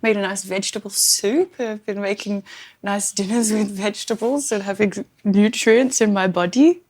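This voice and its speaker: A woman's voice: mid-range voice, normal speed, darkish tone. An Australian woman co-hosting a podcast in a casual chat from a home lounge room, laughing often and teasing. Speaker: podcast co-host.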